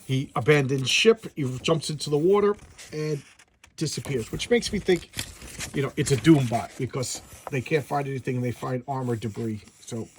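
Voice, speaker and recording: A man's voice: mid-range voice, moderate pace, a little hiss or hum. A man reviewing an old comic book in a casual, blunt, rambling way, often restarting his sentences.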